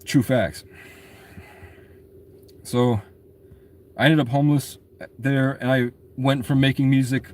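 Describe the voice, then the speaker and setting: A man's voice: medium pitch, fairly even intonation, takes it slowly, long pauses, darkish tone. Rambling, profane young man telling stories. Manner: rambling, profane, laughs at his own stories. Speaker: musician telling his own story. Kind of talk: rambling monologue rant.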